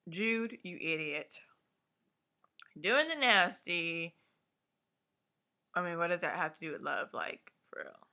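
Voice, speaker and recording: Animated, bright-voiced woman recapping a show. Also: on the low side, measured pace, pauses often. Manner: animated, swears, acts out the characters' lines. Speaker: vlogger reviewing a TV episode. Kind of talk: casual recap rant. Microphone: webcam or laptop mic.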